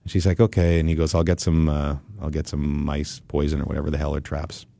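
A man hosting a podcast who tells a story in a casual, animated way and laughs often. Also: extremely low pitch, fast talker, vocal fry, no room sound. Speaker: podcast host.

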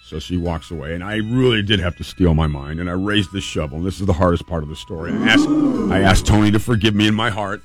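A man's voice: low-pitched, sing-song, fast, faint music behind. Earnest man telling a personal story. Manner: earnest, emotional, vivid retelling.

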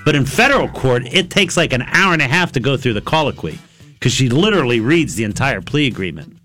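A man, an attorney and regular on a radio show, telling stories in casual chat, animated and laughing often. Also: medium pitch, fairly quick, soft background music. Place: radio studio. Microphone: studio microphone.

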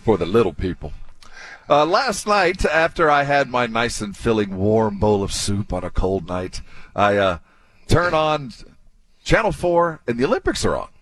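Sports radio co-host, man, husky voice, swings up and down a lot, jokey. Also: mid-range voice, normal speed. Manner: joking, animated, teasing. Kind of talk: casual sports radio chat.

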